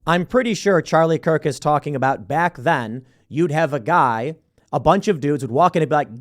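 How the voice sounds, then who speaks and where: Man, show host, political commentary, emphatic, sarcastic, lively pitch swings. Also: moderate pace. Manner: animated, emphatic, sarcastic asides.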